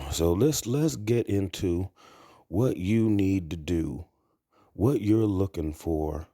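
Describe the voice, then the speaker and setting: A man's voice: deep voice, slow, mellow, no echo, studio quality. A man talking to camera in a blunt, crude, rambling monologue. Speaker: vlogger. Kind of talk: casual monologue.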